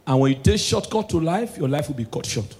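High-voiced Nigerian man doing stand-up. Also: animated, a little fast. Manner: mixes Pidgin and English, swings between low asides and shouted punchlines. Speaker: stand-up comedian. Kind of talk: stand-up comedy.

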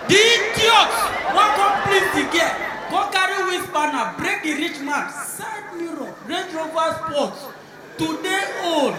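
Nigerian male comedian, very high voice, echoey hall, loud crowd behind. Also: normal speed. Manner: animated, shouting punchlines in pidgin. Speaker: stand-up comedian. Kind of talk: stand-up comedy storytelling. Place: live comedy venue. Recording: live stage with crowd noise and echo. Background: audience.

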